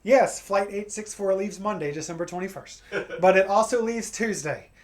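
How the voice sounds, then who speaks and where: A man's voice: high-pitched, normal speed. An American man doing a stand-up set, telling a profane, ranting story and acting out his angry phone calls. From United States. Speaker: stand-up comedian.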